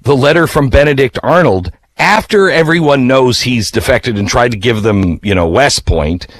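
A man hosting a radio talk show who tells a story casually, animated and emphatic, his voice jumping up in pitch. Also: moderate pace.

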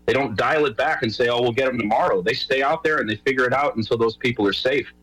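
A man's voice: medium pitch, fast talker, fairly bright tone, slightly rough, faint music behind, rough recording. A middle-aged man from New York, a guest on a radio show, talking casually with lots of fillers and restarts. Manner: rambling, many fillers and restarts. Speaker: guest, show host and rowing coach.

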